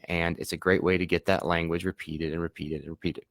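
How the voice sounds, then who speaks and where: A man, a Spanish teacher, explains classroom activities to other teachers in a relaxed, conversational way, now and then acting out the questions he asks students. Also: deep voice, a little fast, no echo. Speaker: Spanish teacher giving a workshop. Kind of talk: professional development talk.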